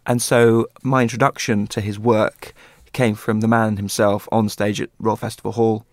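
A man's voice: lowish voice, flat delivery, normal speed, a little mellow, no echo, studio quality. A man chatting as a guest, telling an enthusiastic story about a book. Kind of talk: casual chat.

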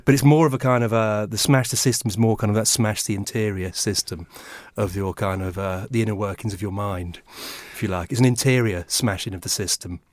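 A man's voice: lowish voice, steady tone, no room sound. Forties musician guy chatting, rambly and dry, wry self-mocking. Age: 40s. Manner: quick, rambling, self-deprecating. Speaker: musician guest. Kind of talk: casual interview chat.

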